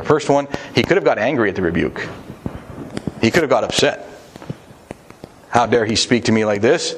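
A man's voice: mid-range voice, a little hiss or hum. A man preaching a sermon to fathers, earnest and plain-spoken, acting out quoted prayers as he teaches.

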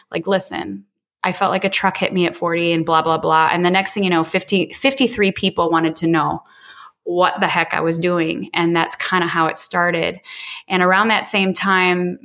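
A woman's voice: fairly low pitch, a bit bright. A woman in her forties from Illinois, telling her own story as an interview guest in a frank, casual way with some mild swearing. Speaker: podcast guest. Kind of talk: candid personal storytelling.

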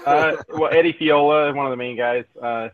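A tired man in a casual group chat, talking on his phone in a relaxed, hesitant way. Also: fairly high pitch, moderate pace, no room sound, lo-fi sound. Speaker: podcast co-host.

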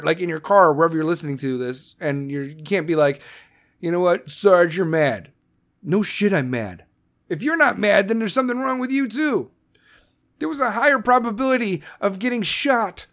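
Angry podcast guy, swears nonstop, yells here and there, reads ads blunt and crude. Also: sits high, vocal fry. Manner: angry, swearing constantly, shouting bursts. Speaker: podcast host. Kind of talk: profane political rant and ad read.

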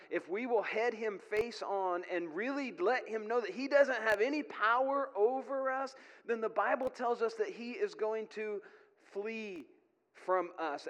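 A middle-aged male pastor preaches in a high, bright voice, earnest and plain-spoken with folksy asides. His sermon rings out with a long reverb from a church hall.

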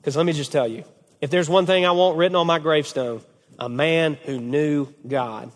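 A man's voice: on the high side, normal speed, long reverb tail. A man who is a family pastor, preaching to a group of men, telling stories with energy and often checking in with "okay?". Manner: animated storytelling, repeated "okay?". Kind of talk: sermon to a men's group.

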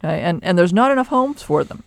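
A man hosting a call-in advice show, explaining pet behavior in an animated way with playful asides. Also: high voice, quick pace, vocal fry, dry recording. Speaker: pet behavior expert host.

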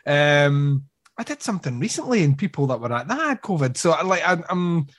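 A man co-hosting a podcast in casual chat, laid-back and joking, with halting restarts. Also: fairly high pitch, sing-song, no room sound, studio quality. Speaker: podcast co-host.

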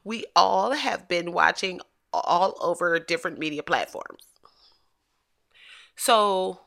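Blunt, animated woman ranting casually. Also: on the low side, slow pace, vocal fry, pauses often. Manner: blunt, animated, swears freely. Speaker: commentary host. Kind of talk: casual opinion commentary.

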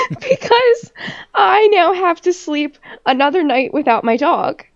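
A woman with a high voice chats casually on a podcast, spinning a story full of swearing and laughter. The recording is dull and lo-fi. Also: huge pitch swings, slow. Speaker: podcast co-host. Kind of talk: casual chat.

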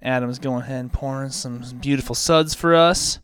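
Profane, boisterous podcast host. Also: male voice, mid-range voice, moderate pace, a bit bright, a little hiss or hum. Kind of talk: casual chat.

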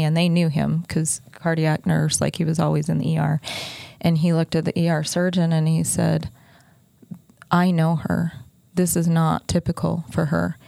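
A woman's voice: deep voice, vocal fry, dark tone, dry recording, studio quality. A middle-aged woman hosting a podcast, candidly telling a personal story in a conversational way with many fillers. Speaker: podcast host.

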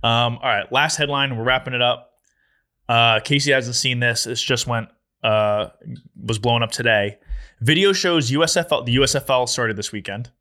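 A man's voice: mid-range voice, normal speed, bright, forceful tone. A young man hosting a podcast in casual chat. He laughs often and tells stories loosely. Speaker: podcast host.

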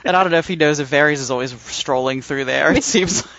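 Rambling man with a fairly high voice. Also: quick pace, a bit bright, dry recording. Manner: rambling, laughs often, many fillers. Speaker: podcast co-host. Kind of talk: casual book discussion and reading. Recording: dull lo-fi sound.

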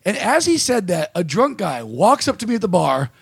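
A man's voice: high voice, sing-song, normal speed, vocal fry, slightly rough. A man hosting a podcast, telling a rambling, profane, self-deprecating story about a bad comedy gig in casual chat. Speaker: podcast host and stand-up comic.

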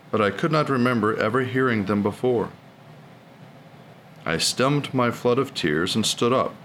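A man's voice: low voice, fairly bright tone. Man reciting prayers, faint hiss behind. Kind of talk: liturgical reading and prayer.

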